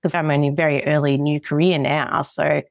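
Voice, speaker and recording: Woman host, relaxed chat, lower voice, dry close mic. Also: fairly quick, creaky, dry recording. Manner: relaxed, conversational, laughs easily. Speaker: podcast host, speech pathologist. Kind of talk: casual podcast chat.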